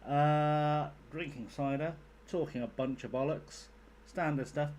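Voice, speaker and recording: A man's voice: fairly high pitch, fairly even intonation, a little slow, a little mellow, slight background noise. A young man streaming a game, chatting casually with his viewers, rambling, joking and swearing freely. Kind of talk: casual live-stream chat.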